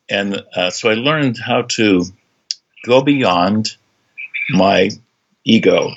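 Gravelly husky man, halting speech. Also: low voice, a bit bright, muffled recording. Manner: halting, many fillers and restarts. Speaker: interview guest, medium. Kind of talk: conversational interview.

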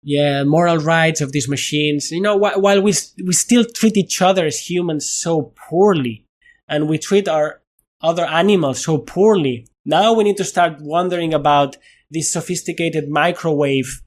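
A middle-aged man with a Spanish accent, speaking as a guest in a thoughtful interview, animated, often restarting his sentences and laughing at himself. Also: on the high side, moderate pace. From Spain. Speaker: guest, neuroscientist.

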